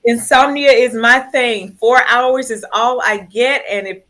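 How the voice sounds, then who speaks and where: A woman with a fairly high voice hosts an online talk show. She talks in a lively, teasing way and leans hard on her words, repeating phrases for emphasis. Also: a little slow, poor audio.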